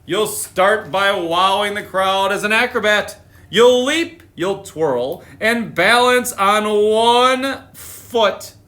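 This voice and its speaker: A man reading picture books aloud on a live stream, with animated, chatty asides. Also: high voice, slow. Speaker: storytime reader.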